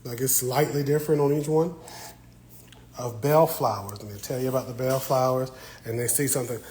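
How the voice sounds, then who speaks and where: A man chats with his live-stream viewers in a relaxed, playful way, teasing them as he goes. His voice sits at an ordinary pitch and is picked up on a phone inside a quiet library, with a faint hiss in the background. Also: a little fast, rough recording. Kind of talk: casual live-stream chat. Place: indoor library.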